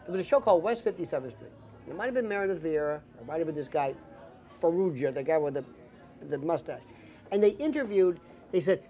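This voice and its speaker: Animated male pundit at a dinner table, swooping pitch, acts out every quote. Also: quick pace. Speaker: political commentator guest. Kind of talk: casual dinner table conversation.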